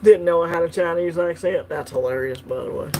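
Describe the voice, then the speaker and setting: A man's voice: on the high side, brisk, slight background noise. A man hosting a coin collecting channel, chatting casually and laughing easily while unboxing on a livestream.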